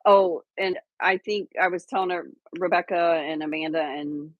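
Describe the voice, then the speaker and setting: A woman's voice: lowish voice, steady tone, normal speed, no echo, narrow, tinny audio. A woman hosting a livestream, chatting casually with viewers and a co-host, rambling with fillers and restarts.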